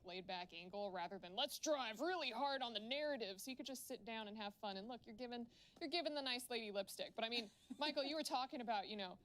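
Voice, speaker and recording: A woman on a games panel, chatting in an animated, giggly way. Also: medium pitch. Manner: animated, giggly, acts out quotes. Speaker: panel guest. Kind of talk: casual panel chat.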